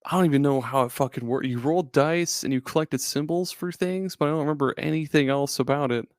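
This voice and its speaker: A man's voice: fairly high pitch, quick pace, dry recording, studio quality. A man hosting a podcast in casual chat, loose and profane, laughing often and restarting his sentences. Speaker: podcast host.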